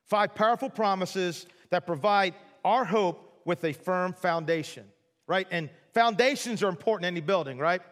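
High-voiced preacher in an echoey hall. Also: male voice, normal speed, a bit bright. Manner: chatty, jokey storytelling with many asides. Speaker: pastor. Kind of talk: sermon.

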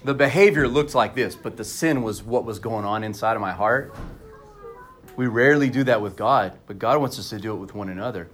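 A man's voice: on the low side, brisk, a bit bright. Candid conversational male pastor preaching. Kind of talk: sermon.

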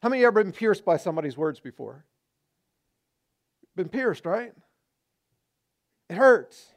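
A middle-aged man preaching a sermon as pastor, conversational and animated, acting out quoted remarks. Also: sits high.

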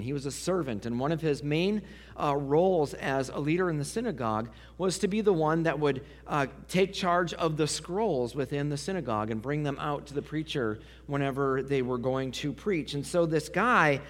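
A man preaching a sermon, swinging from loud emphasis to hushed near-whispers. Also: fairly high pitch. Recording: long hall reverb.

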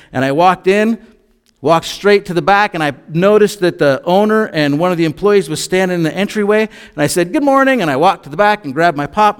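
A man's voice: a little high, smooth. Man preaching a sermon in a reverberant hall. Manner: conversational, reads scripture then explains it with asides. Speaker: pastor.

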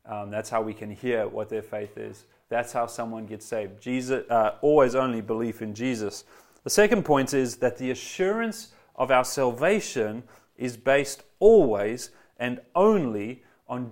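A man's voice: medium pitch, unhurried, a little mellow. Man, pastor mid-sermon; eager, emphatic delivery that hammers repeated phrases. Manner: eager, addresses congregation directly. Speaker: preacher.

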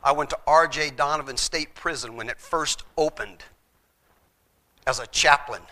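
A man's voice: fairly high pitch, normal speed, pushed and bright. A middle-aged man, a former chaplain, telling his faith testimony in an earnest storytelling way and acting out the voices in his story.

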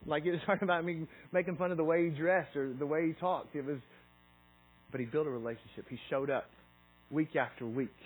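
A man's voice: a little high, breathy edge, low-quality recording. A middle-aged man giving a conversational sermon, often restarting his sentences and reading scripture aloud. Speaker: preacher.

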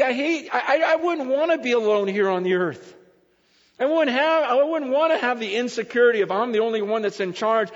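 A middle-aged man preaching a sermon in a church, telling a self-deprecating story with animated, laughing delivery. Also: high-pitched. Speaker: pastor. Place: church sanctuary. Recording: dull sound with long hall reverb.

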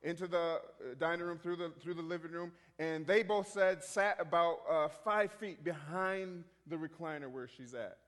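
A man telling a story in a rambling, halting way, full of restarts, as a minister sharing a testimony. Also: on the high side, fairly even intonation, fairly bright tone, big-room sound.

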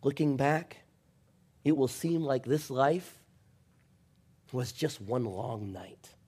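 A man preaching a sermon, swinging from passionate, shouted refrains down to a soft, intimate storytelling voice. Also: mid-range voice, animated, takes it slowly, slightly rough. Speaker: pastor.

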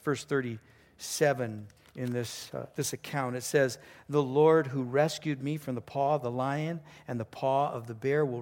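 A man preaching a sermon as pastor, telling a story earnestly, with sudden excited rises and quiet drops. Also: medium pitch.

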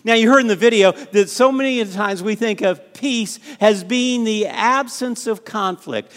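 High-voiced pastor preaching. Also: male voice, normal speed, few pauses. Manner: repeats words, asks congregation for responses. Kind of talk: sermon. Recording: reverberant church hall.

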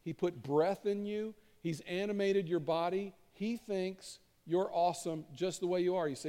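A man's voice: high-pitched, normal speed, few pauses, warm tone. A middle-aged man preaching a sermon as pastor, conversational and earnest, repeating key lines for emphasis. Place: church auditorium stage. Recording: long reverb of a large hall.

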